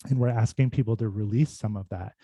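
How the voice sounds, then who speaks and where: A man's voice: fairly low pitch, quick pace, dark tone, no room sound. A man who works as a speech and voice clinician, giving a casual, thoughtful talk full of fillers and restarts over a video call. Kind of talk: casual informal presentation.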